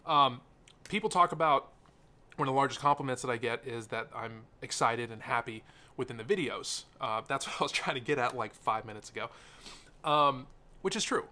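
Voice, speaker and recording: A man's voice: medium pitch, normal speed, sharp tone. A young man talking unscripted to the camera in a sit-down vlog, rambling and earnest, with lots of fillers and sidetracks. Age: young adult. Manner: earnest and openly emotional. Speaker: tech YouTuber. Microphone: camera mic, seated talking to camera.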